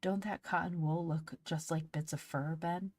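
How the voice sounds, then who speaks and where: A woman's voice: sits low, fairly even intonation, moderate pace, darkish tone, no echo. A woman voicing Polly, an eager, anxious girl and big sister, in a storybook reading. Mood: fretful. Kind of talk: audiobook character voice.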